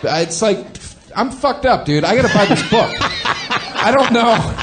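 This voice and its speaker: A man's voice: high voice, animated, measured pace, heavy background noise. A man ranting through comic stories as a podcast guest, swearing freely and acting out the people he quotes. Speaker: comedian guest. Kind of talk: comedic storytelling on a podcast.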